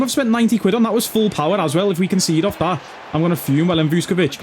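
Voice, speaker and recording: Calling everyone "lad," this man narrates his football game with plenty of slang and constant swearing. He speaks quickly in a high voice, and a little hiss or hum sits under the recording.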